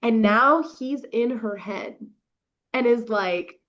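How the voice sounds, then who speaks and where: Young woman, podcast host, casual book chat, gushing, swears freely, slightly high voice, muffled lo-fi sound. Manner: gushing and profane, quick bursts of laughter. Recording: dull lo-fi recording.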